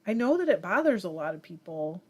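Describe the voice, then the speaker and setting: A woman's voice: fairly low pitch, sing-song, a little fast, breathy edge. A woman from Michigan hosting a casual livestream, chatting and reading viewer comments aloud with many fillers. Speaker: livestream host reading chat. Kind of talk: casual chat.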